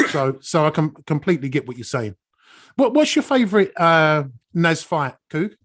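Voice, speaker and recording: A man's voice: on the high side, very animated, moderate pace, fairly bright tone. A man hosting a podcast, chatting casually and enthusiastically, often repeating words for emphasis. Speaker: podcast host. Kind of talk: casual interview chat.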